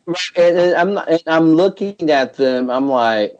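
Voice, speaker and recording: A man's voice: on the high side, lively intonation, normal speed, few pauses, darkish tone, dull audio. A man hosting a casual podcast chat, rambling with many restarts and frequent laughter. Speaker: podcast host.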